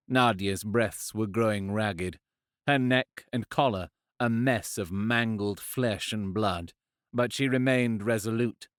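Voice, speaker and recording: A man narrating a fantasy audiobook in a measured, expressive storytelling manner, on a close studio mic. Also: fairly low pitch, clean tone, no echo.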